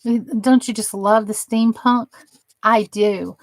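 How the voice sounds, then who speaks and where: Slow, gravelly-voiced woman live streamer. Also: fairly high pitch, fairly even intonation, no room sound. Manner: gushing and admiring, chatty asides. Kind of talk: casual live-stream chat.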